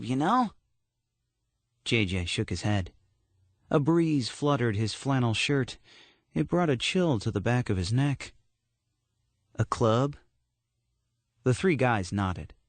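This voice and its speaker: A man narrating a horror story audiobook in a steady, measured storytelling manner. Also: mid-range voice, no room sound.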